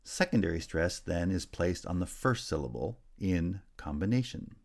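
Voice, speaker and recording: A man teaching a linguistics lesson, explaining clearly and checking in with "right?". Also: low voice, expressive, moderate pace. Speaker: linguistics instructor. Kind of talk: recorded lecture.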